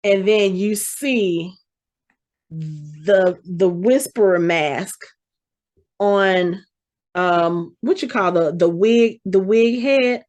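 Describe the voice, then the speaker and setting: A woman's voice: medium pitch, drawn-out words. Woman animatedly recapping an episode. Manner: animated retelling, acting out quoted lines. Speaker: podcast host.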